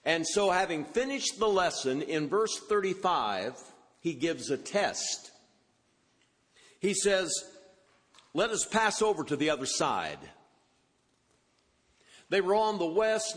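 Male preacher, slightly high voice, expository sermon in a reverberant hall. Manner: expository, quotes scripture with rising emphasis.

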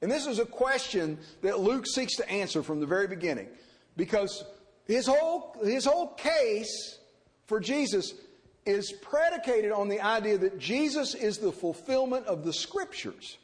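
A man preaching an expository sermon, animated and acting out the people he quotes. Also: high-pitched, normal speed. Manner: animated, acts out quoted characters. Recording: reverberant hall.

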